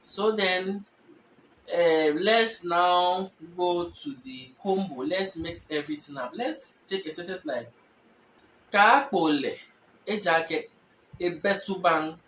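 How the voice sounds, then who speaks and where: A man teaching a language lesson, explaining patiently and repeating example phrases slowly with stressed tones. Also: high voice, a bit bright, roomy sound, far from the mic, a little hiss or hum, low-quality recording.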